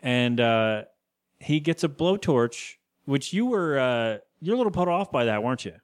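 A man's voice: mid-range voice, sing-song. Male podcast co-host, loose chatty recap, mid-range voice. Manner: rambling, acts out character lines in quick voices. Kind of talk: casual episode recap.

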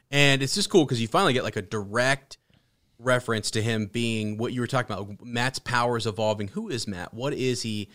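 A man hosting a casual book podcast, chatting in a rambling, halting way with many restarts. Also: mid-range voice, a bit bright. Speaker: podcast host. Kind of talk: casual book discussion with read-aloud passages.

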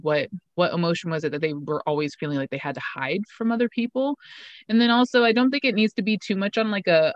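A woman's voice: fairly low pitch, no echo. A woman co-hosting a podcast, speaking in a thoughtful, articulate and wry way in casual chat. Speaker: podcast co-host. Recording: dull lo-fi mic.

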